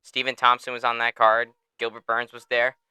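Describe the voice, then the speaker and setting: Bright, crisp man telling a fight story. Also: medium pitch, moderate pace, no echo. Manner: animated storytelling, swears freely and laughs often. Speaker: podcast host. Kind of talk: casual sports chat.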